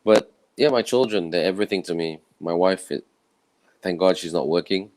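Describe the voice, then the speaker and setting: A man from Malaysia, speaking in a croaky, tired voice in an earnest, conversational personal talk to camera. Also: sits low, normal speed, darkish tone, no echo. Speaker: summit speaker. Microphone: own camera setup with a clip mic.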